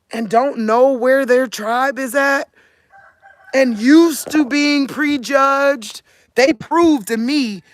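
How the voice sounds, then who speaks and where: A woman in her forties, a vlogger from Cleveland, Ohio, delivers an earnest, casual monologue to her viewers in a country Midwestern drawl, frequently asking "you get what I'm saying?" Her voice is a little high, and there's no room sound.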